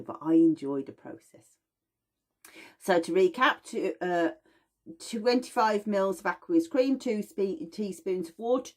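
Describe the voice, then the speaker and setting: A woman teaching aromatherapy in a casual, chatty demonstration, lively and playful as she explains. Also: lowish voice. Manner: chatty, animated, with playful put-on voices.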